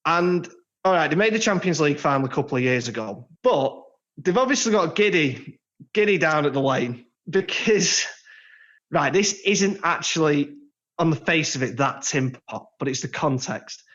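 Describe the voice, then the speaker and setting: Jokey higher-voiced man on lo-fi audio. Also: lively intonation, normal speed, fairly bright tone. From England. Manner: chatty, jokey, trails into laughs. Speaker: podcast co-host. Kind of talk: casual football chat. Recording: slightly dull lo-fi sound.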